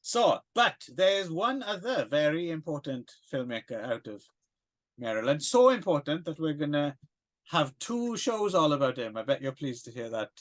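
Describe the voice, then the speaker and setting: A man's voice: a little high, very animated, moderate pace. A man co-hosting a casual film podcast, rambling and hesitant with plenty of fillers and self-deprecating asides. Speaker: podcast co-host.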